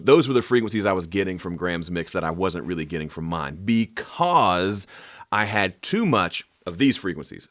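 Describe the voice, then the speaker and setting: A man's voice: on the low side, no room sound, clean studio sound. A middle-aged man explaining audio mixing in a casual, jokey way, now and then imitating sounds with his voice. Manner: animated, jokey, makes vocal sound effects. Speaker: music production teacher. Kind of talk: casual instructional talk to camera.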